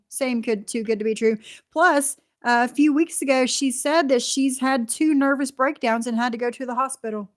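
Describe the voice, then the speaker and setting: Woman streamer, indignant commentator, slightly high voice, reads chat aloud. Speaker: livestream host. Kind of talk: commentary livestream reacting to clips.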